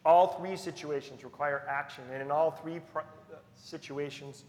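A male pastor delivers a sermon in an earnest, emphatic way, driving points home by repeating them. His voice sits a little high for a man. The sound rings with the long reverb of a large hall. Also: steady tone, normal speed, darkish tone, slight background noise.

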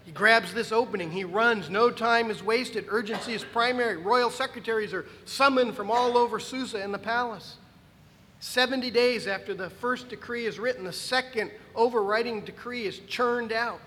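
Preaching at a normal speed, a male pastor uses a high voice that sits bright, staying emphatic and animated while tossing wry asides to his listeners. A long reverb trails his words, like in a large church hall, and there's slight background noise.

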